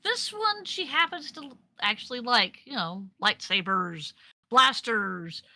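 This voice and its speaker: A woman voicing a wry, motherly female spirit guardian who talks politely with a dry, gently scolding edge. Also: fairly high pitch, expressive, a little slow, dry recording, exaggerated voice, poor audio.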